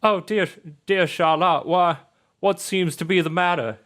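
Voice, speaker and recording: A man's voice: sits high, unhurried, fairly bright tone, voice pushed up. Man playing a pious widowed dad, earnest, solemn, fatherly, tabletop game. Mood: doting.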